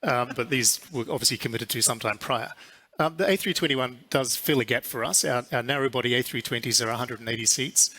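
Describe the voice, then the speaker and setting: NZ-accented male exec, bright mid-pitched voice, steady conference interview delivery. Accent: New Zealand. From New Zealand. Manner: measured, businesslike, with frequent fillers. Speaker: airline CEO.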